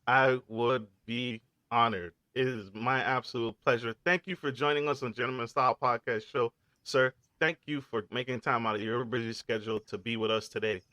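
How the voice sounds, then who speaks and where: Podcast host guy, bright tense voice, super dry sound, hypes his guest. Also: mid-range voice, fairly even intonation, normal speed, dry recording. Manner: effusive, formal, hype-man. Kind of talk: enthusiastic hosting.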